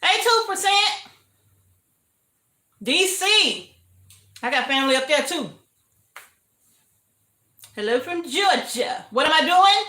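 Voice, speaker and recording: A woman's voice: high voice, very animated, takes it slowly, long pauses, sharp tone, roomy sound. An older woman hosting a casual livestream from her home kitchen, chatting and greeting viewers with frequent laughter. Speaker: homestead livestream host.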